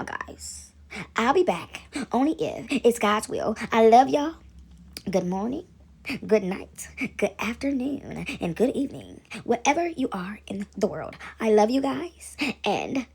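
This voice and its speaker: A woman's voice: a little high, creaky, breathy edge. A woman vlogger in a casual faith chat, rambling and preachy, talking straight to her viewers.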